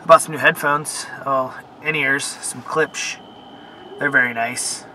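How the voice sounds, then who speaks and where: Young man, casual vlog rant, swearing, rambling fillers, middle pitch, in a car, air conditioning and traffic noise. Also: steady tone, measured pace. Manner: frustrated, cursing, rambling with fillers. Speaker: vlogger. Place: in a car at a car wash.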